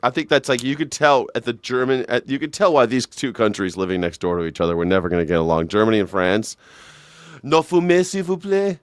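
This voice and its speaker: A man's voice: lowish voice, fast talker, hardly any pauses, clean tone, no room sound, clean studio sound. Jokey man hosting a live stream. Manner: rambling, jokey, laughs often, bursts into shouted mock voices. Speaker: live news reaction show host. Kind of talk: casual live-stream chat. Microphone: desk mic.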